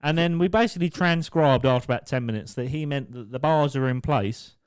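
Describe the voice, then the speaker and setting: A man's voice: medium pitch, brisk, smooth, no echo. A young man co-hosting a podcast, telling stories in a loose, swearing, laugh-prone way. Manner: swears, laughs through his own stories. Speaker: podcast co-host. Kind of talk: casual storytelling chat.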